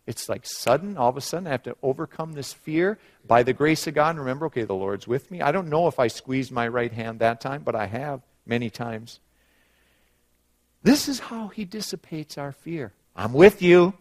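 A middle-aged man preaching a sermon, rising loud on scripture and dropping quiet for personal stories. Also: mid-range voice, expressive, moderate pace. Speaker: pastor.

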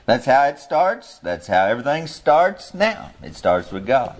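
A man preaching an informal sermon, earnestly searching for words with many restarts, and reading scripture slowly. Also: mid-range voice, big pitch swings. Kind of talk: informal sermon, Bible teaching.

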